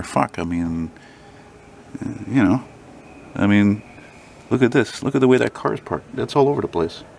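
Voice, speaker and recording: A man, walking through snowy city streets and telling a rambling, profanity-laced story to his handheld camera. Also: low-pitched. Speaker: vlogger. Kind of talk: casual walking vlog storytelling. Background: faint city traffic.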